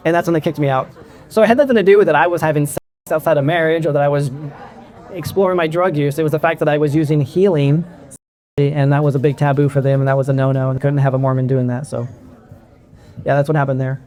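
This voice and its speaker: A man's voice: on the high side, steady tone, fast talker, a little mellow. Candid middle-aged man telling his story. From California. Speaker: convention speaker. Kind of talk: personal talk to an audience.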